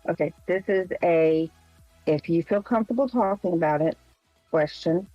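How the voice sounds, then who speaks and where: A podcast co-host asking an interview question gently and carefully. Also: medium pitch, normal speed, no echo. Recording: dull, dry sound with faint music.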